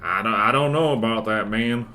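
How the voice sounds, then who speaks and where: A man's voice: on the low side, unhurried, a little hiss or hum. A man streaming a game, giving casual, joking commentary and talking to himself. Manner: animated, jokey self-talk.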